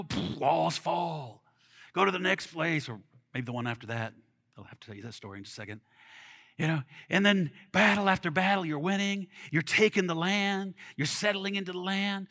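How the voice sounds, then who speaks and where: A man preaching a sermon in an animated, conversational way, with bursts of excitement. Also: sits high, moderate pace. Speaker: pastor.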